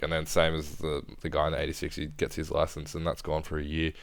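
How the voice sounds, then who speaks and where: Young Aussie male co-host, laid-back swearer, extremely low voice. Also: level tone, fast talker, gravelly, clear, resonant tone, dry recording. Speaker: podcast co-host. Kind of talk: casual storytelling chat.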